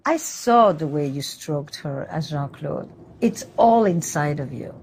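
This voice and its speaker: A woman therapist guiding a couples session, calm and direct, moving between French and English. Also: sits low, measured pace, slight background noise.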